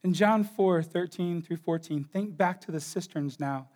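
A man preaching a sermon with passion, rising to loud bursts and dropping to hushed, quiet lines. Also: high voice, unhurried. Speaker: pastor.

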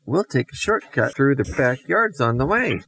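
A man's voice: medium pitch, sing-song, moderate pace, a bit bright, pitched above the performer's own voice. A man voicing a cheeky young girl in an improvised bedtime story, in a breezy, sing-song way. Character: cheeky young girl leading a mischief trip.

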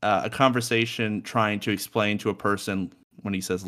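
Low-voiced young man joking on a podcast. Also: little pitch movement, moderate pace, few pauses, a bit bright. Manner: joking, swears, laughs often. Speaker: podcast co-host. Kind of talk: casual podcast chat about music. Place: home room by a window.

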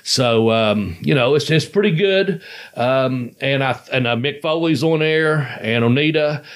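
A man's voice: medium pitch, a little slow. A man in casual conversation, telling rambling, profane stories and laughing as he goes. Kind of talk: casual storytelling chat.

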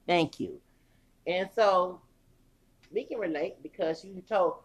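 A woman hosting a casual ranting podcast, animated, laughing often and breaking into song snippets. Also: on the low side, normal speed, pauses often. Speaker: podcast host.

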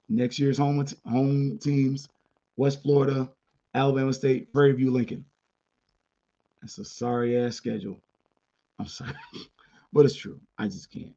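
Casual podcast host, male, dark husky voice, blunt and chatty, dull lo-fi mic. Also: mid-range voice. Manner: candid, chatty, blunt opinions with asides. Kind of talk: casual sports podcast monologue.

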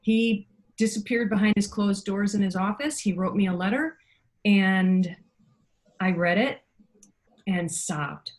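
A middle-aged woman, a podcast guest, telling personal stories in a casual, animated way and acting out the voices she quotes. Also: medium pitch, unhurried, pauses often. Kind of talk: casual storytelling.

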